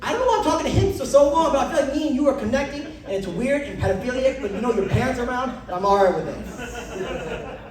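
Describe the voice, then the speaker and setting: A man's voice: lively intonation, fast. A brash young male comedian working the crowd, his voice leaping up and down as he performs bits. He is caught from a distance on a comedy club stage. The room rings with heavy echo. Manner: brash, loud, swings pitch for bits. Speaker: stand-up comedian. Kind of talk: stand-up crowd work. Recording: echoey club from far off.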